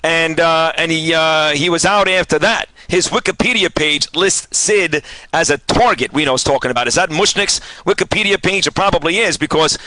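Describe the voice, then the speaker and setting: A man's voice: on the high side, normal speed, sharp tone, low-quality recording. A man, in his forties, hosting casual radio talk and ranting with lots of swearing. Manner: fired-up, ranting, swears a lot. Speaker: radio host.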